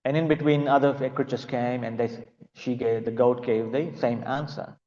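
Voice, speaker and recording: Man storytelling in a devotional class, halting with fillers, muffled lo-fi sound, echoing hall. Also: mid-range voice, fairly even intonation, mellow. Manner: hesitant, many fillers. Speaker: class speaker.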